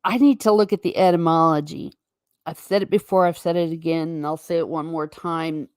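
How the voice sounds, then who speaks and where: A woman hosting a casual livestream from home, chatting with viewers in a wandering way and breaking off into quick asides to herself. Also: deep voice, steady tone, a little mellow, smooth, dry recording, clean studio sound. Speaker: livestream host.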